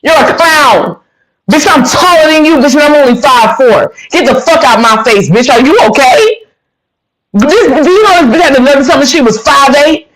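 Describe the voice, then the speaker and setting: A woman's voice: sits high, lively intonation, normal speed, rough recording. A woman ranting on a live stream, cursing, combative and repeating her insults. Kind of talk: heated rant.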